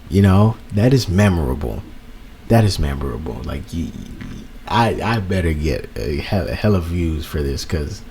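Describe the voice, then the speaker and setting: A young man from Florida hosting his own podcast, ranting in a casual, animated way with lots of restarts and fillers. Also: deep voice, slight background noise. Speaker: podcast host. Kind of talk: casual rant.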